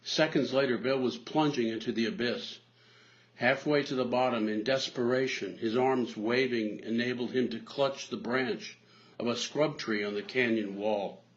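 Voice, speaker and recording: A male priest delivering a sermon in a measured storytelling manner, on a dull lo-fi recording. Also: medium pitch, steady tone.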